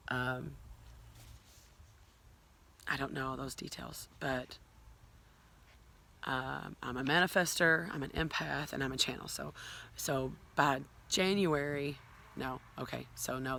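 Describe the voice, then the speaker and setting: A woman's voice: very deep voice, gravelly, fairly bright tone, a little hiss or hum, low-quality recording. A woman telling her own story to a phone camera at home, rambling with many fillers and asides. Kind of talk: casual personal storytelling. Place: at home, filming herself on a phone.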